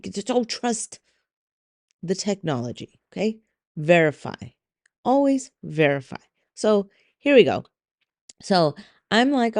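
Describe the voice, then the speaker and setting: A woman's voice: mid-range voice, mellow, no echo, studio quality. A middle-aged woman hosting a solo podcast, talking candidly and with exasperation, swearing freely as she vents. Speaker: podcast host. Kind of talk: casual solo podcast monologue.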